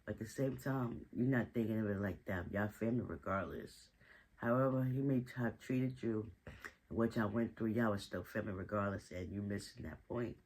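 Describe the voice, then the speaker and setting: A man's voice: on the low side, normal speed, a little mellow, low-quality recording. A man giving a casual, slangy recap of a TV drama episode, telling the story with chatty asides. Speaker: TV show recap host.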